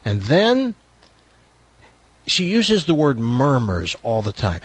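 A middle-aged man hosting comic talk radio, his voice a little husky and breathy. He reads aloud in a mocking, theatrical way and breaks off for sarcastic asides. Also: mid-range voice, big pitch swings, measured pace, no room sound. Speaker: radio talk show host.

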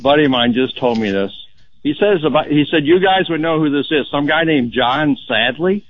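A male caller on a radio show tells a joke in a loose, chatty way. His voice sits a bit high for a man. The call comes through dull and lo-fi. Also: animated, moderate pace.

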